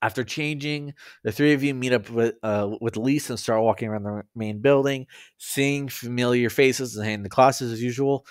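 A man's voice: mid-range voice, fairly even intonation, normal speed, clean tone, no echo, studio quality. A man casually reading fan fiction aloud, stumbling over words and making joking asides. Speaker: story reader.

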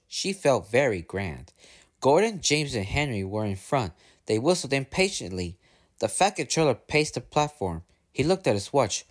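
A man's voice: medium pitch, normal speed. A man reading a railway storybook aloud, doing voices for the characters. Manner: lively, puts on voices for characters. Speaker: narrator.

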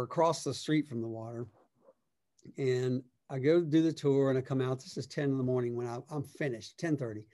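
Relaxed middle-aged man telling a story. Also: medium pitch. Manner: relaxed, anecdotal, conversational. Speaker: songwriter guest. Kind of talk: casual storytelling.

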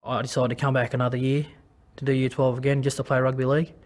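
Halting Australian man, flat voice. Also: mid-range voice. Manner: halting, many restarts and fillers. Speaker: former rugby league player. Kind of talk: personal testimony.

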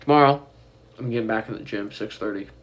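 A man's voice: fairly low pitch, quick pace. A young man talking casually and teasingly in a rambling home vlog from student housing. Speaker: vlogger.

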